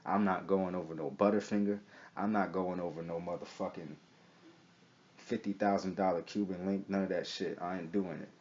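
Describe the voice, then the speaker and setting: Young man, very deep voice, swaggering profane storyteller; lo-fi recording with light hiss. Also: steady tone, normal speed, darkish tone. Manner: profane, streetwise, keeps asking "you feel me". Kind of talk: casual storytelling. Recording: slightly dull recording with faint hiss.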